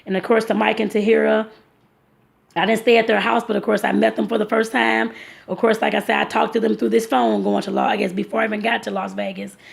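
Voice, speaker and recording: A woman's voice: fairly high pitch, little pitch movement, fast talker, gravelly. A woman telling a rambling travel story to her viewers, full of fillers and restarts. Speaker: vlogger. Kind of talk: casual storytelling vlog.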